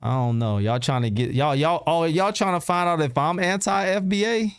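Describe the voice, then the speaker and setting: A man's voice: a little high, normal speed, clean tone, dry recording, studio quality. A man hosting a casual livestream, answering his chat in loose, slangy talk and repeating rhetorical questions. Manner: repeats himself and fires rhetorical questions at viewers.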